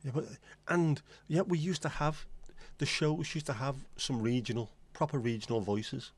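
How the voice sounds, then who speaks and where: A man's voice: mid-range voice, steady tone, normal speed, breathy edge, no room sound. Blunt, rambling English man. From England. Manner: opinionated, blunt, rambling with asides. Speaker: livestream host. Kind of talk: casual chat.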